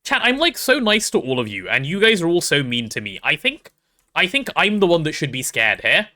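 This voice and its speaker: Lively bright-voiced young man streaming. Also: on the high side, fairly quick. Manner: rambling, playful, self-deprecating storytelling. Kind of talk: casual gaming stream chat.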